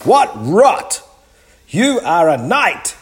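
A man voicing a blustering, boastful male giant in a children's storybook read-aloud, with a loud, high, strained shout. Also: wildly swooping pitch, extremely slow, exaggerated voice.

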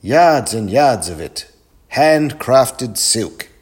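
A man voicing a proud, wealthy sultan in a storybook reading, with a showy, drawn-out delivery. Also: mid-range voice, big pitch swings, pitched above the performer's own voice.

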